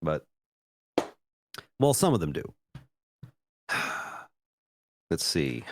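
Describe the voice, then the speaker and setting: A man's voice: extremely low pitch, very animated, extremely slow, a little mellow. An American man in his thirties co-hosting a podcast, chatting casually with a profane, self-mocking, rambling manner. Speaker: podcast co-host.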